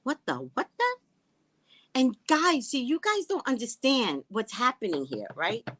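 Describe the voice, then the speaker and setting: Speaking a little slowly in a slightly high, somewhat bright voice with big pitch swings, a middle-aged woman hosts a casual live stream as a psychic reader. She's blunt and sassy with her viewers, calls them "guys," and laughs throughout. The recording is dry and rough.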